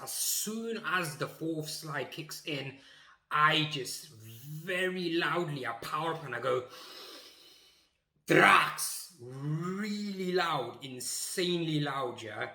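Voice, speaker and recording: A young man tells a funny school story in an animated, emphatic way, acting out each moment. His voice is bright and forward. The sound bounces around an echoey room. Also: mid-range voice. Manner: animated, acts out scenes, emphatic. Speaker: YouTuber. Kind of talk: comic storytelling.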